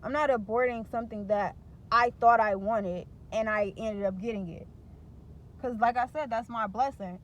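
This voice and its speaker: A young woman speaks candidly to her viewers. She is blunt and profane and vents in frank, unfiltered words. Her voice sits a little high. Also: normal speed, muffled recording. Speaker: vlogger. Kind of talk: candid talk to camera.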